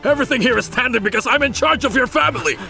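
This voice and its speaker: A man's voice: lowish voice, lively intonation, a little slow, faint music behind. An actor dubbing a ruthless rich businessman father who gives curt, commanding orders. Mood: raging. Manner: curt, commanding, then shouting.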